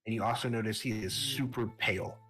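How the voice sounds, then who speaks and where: A man's voice: on the low side, steady tone, brisk, fairly bright tone, poor audio. Man, game master, casual narration, faint background music. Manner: loose, casual narration with fillers.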